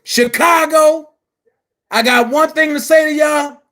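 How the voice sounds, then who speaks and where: A man delivering a heated, profane rant to his viewers, shouting at times. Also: very high-pitched, slow. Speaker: commentary vlogger. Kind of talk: angry rant to camera.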